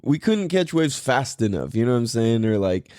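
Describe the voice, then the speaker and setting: Young male podcast host, surfer slang, lively voice, dry close mic. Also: medium pitch, normal speed, no echo. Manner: laid-back surfer slang, swearing, lots of "like" and "dude". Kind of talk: casual podcast monologue.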